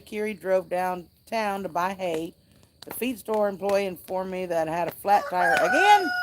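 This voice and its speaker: A woman's voice: mid-range voice, slight background noise. A woman hosting a casual outdoor livestream by a fire, chatting and reading viewer comments aloud. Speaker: livestream host.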